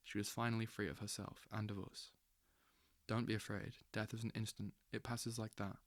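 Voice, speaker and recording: A man reading a literary novel aloud as an audiobook, slow and intense, with dramatic swells. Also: on the low side, little pitch movement, no echo. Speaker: audiobook reader.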